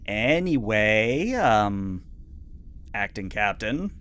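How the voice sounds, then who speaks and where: A man's voice: lowish voice, big pitch swings, very slow, fairly bright tone, heavily acted. Casual: dude voicing an exasperated lady admiral, dry, kinda sighing through it. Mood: weary. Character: weary female fleet admiral, dry and exasperated.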